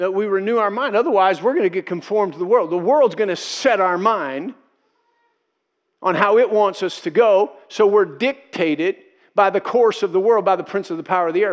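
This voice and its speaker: A man with a notably high voice preaches a sermon in an emphatic style. He drives his points home by repeating key phrases and briefly acts out the people he quotes. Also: brisk. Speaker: pastor.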